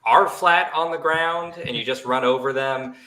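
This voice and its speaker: A man's voice: medium pitch, normal speed, sharp tone. A man co-hosting a casual podcast chat, making wry joking asides. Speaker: co-host. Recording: roomy echo.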